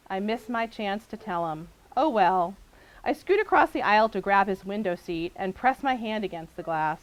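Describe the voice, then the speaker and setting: A woman author addressing a book signing audience and reading her novel aloud with a lively, expressive delivery. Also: mid-range voice, moderate pace, rough recording.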